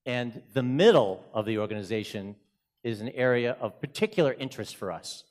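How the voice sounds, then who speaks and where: A man with a strong Boston accent presents at a conference with energy and plenty of jokes. His voice sits at an ordinary middle pitch. He moves around the stage as he talks. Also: animated, fairly quick, a little mellow. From Boston, USA. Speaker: conference speaker. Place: hotel conference room.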